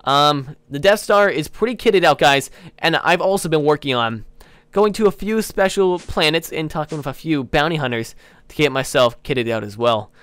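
A young man hosting a modded game, chatting excitably to viewers and slipping into playful villain role-play. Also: on the high side, normal speed, clear, resonant tone, no echo. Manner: excitable, keeps addressing viewers as guys. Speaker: gaming channel host.

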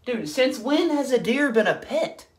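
A man's voice: extremely high pitch, lively intonation, measured pace. A man ranting in a brash, sarcastic and profane comedic style. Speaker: comedy commentator. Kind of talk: comedic rant.

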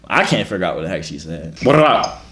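A man's voice: low-pitched, sing-song, a little fast, a bit bright. A man in his twenties making teasing, slangy small talk with strangers on a video chat app. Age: 20s. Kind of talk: casual flirty banter. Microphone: computer or phone mic, video call.

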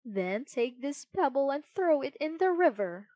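A woman's voice: high voice, big pitch swings, measured pace, darkish tone, no room sound, voice pushed up. A woman voicing a scheming cat in a sly, persuasive manner. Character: scheming cat, the fox's partner.

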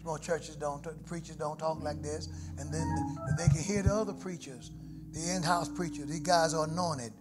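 A middle-aged man preaching from the pulpit, his voice a touch high for a man. He swings from hushed, prayerful murmurs to ringing shouts. Organ music plays clearly under him in a live church recording. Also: fairly even intonation, normal speed. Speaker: pastor. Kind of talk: sermon. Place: church sanctuary. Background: musical instruments.

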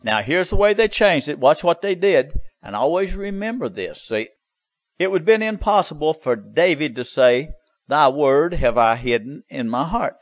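A man's voice: a little high, animated, normal speed, no echo, poor audio. A man preaching a sermon in an insistent, repetitive way, with drawled "you see" asides.

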